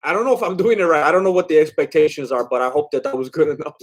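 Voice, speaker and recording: A man's voice: a little high, rapid-fire. A man hosting a casual live watch-along stream, reading viewer comments aloud while eating, chatty and a bit scattered, laughing often. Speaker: livestream host.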